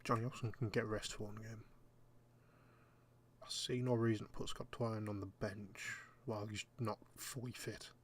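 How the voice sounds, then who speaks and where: A man's voice: lowish voice, little pitch movement, normal speed, a little hiss or hum. A young man giving casual, jokey commentary while playing a game, muttering asides to himself. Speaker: gaming YouTuber.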